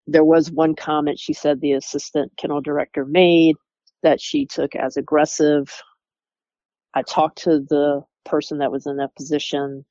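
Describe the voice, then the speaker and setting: A former employee telling a candid, animated story about workplace conflict and acting out coworkers' words. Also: medium pitch, no echo, muffled recording. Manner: animated, acts out quoted coworkers.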